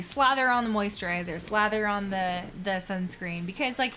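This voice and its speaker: A woman's voice: medium pitch, brisk, few pauses, bright, forceful tone, faint music behind. A woman in her thirties, a doctor in training, chatting casually on a live stream in a bubbly way, with many fillers.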